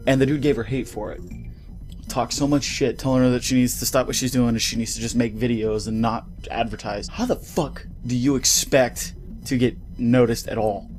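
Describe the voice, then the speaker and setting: Brief: male gaming vlogger, mid-range pitch, heated profane rant, studio mic, soft music underneath. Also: fairly even intonation, normal speed. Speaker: gaming YouTuber. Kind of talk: ranting vlog commentary. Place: home recording setup. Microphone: studio mic with pop filter.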